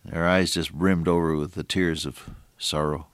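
An older man preaching a sermon, moving between hushed storytelling and raised, emphatic exhortation with slow, deliberate phrasing. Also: rumbling low, level tone, no room sound, studio quality.

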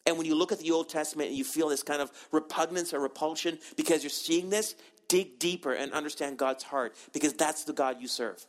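Higher-voiced man preaching an emphatic sermon. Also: fairly quick. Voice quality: earnest, emphatic, with repeated restarts. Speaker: pastor.

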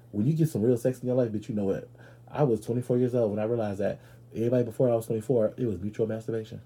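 A man hosting a podcast in a casual comedic monologue. He is brash and profane, talks straight to his listeners, and jumps into loud, high-pitched outbursts. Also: husky. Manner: addresses listeners directly. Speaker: podcast host.

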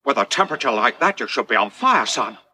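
A man's voice: medium pitch, sing-song, fast talker, bright, forceful tone, breathy edge, full character voice. An actor playing a doting, scheming goblin father in a dubbed TV series, coaxing and theatrical.

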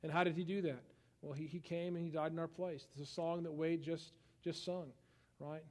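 A young man preaching a sermon in a conversational style, swinging from hushed tones to loud outbursts. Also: fairly high pitch, level tone, moderate pace. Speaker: pastor.

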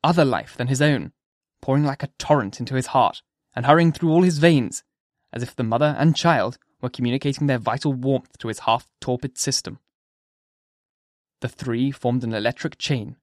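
Measured male audiobook narrator. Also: medium pitch, no echo, studio quality. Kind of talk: scripted narration.

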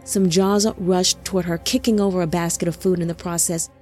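A woman narrating a dark fantasy audio drama in a slow, measured read. Her voice sits on the low side, and each sentence is delivered with deliberate, even care. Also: soft background music.

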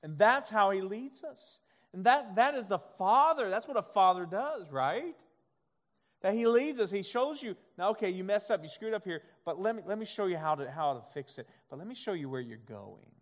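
A male pastor preaching a sermon, swinging from soft, quiet passages to loud, emphatic ones and acting out God's voice in quoted asides. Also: high voice, lively intonation, moderate pace. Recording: long hall reverb.

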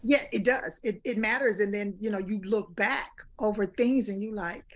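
A woman's voice: mid-range voice, moderate pace, hardly any pauses. A woman in her fifties, a guest speaker talking earnestly in a casual interview, repeating phrases for emphasis. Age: 50s. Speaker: guest speaker and life coach.

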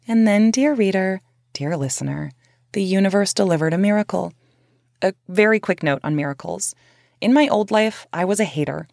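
A woman's voice: mid-range voice, lively intonation, normal speed, gravelly, darkish tone, no echo, studio quality. A woman reading her memoir aloud as narrator, in a candid, conversational way with casual swearing.

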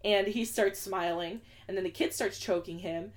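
A woman's voice: mid-range voice, moderate pace. A young woman co-hosting a podcast, recapping a film in casual chat and acting out quoted lines in exaggerated voices. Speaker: podcast co-host.

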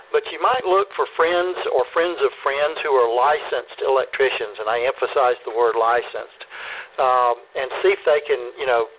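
Guy running a ham radio net, kinda husky, folksy, sounds thin like over a radio link. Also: mid-range voice. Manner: folksy, reassuring, explanatory. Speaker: net control host. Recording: phone-like radio audio.

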